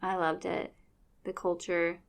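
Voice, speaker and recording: A woman's voice: on the low side, flat delivery, slow, gravelly. Chatty rambling woman podcast host. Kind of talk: casual chat.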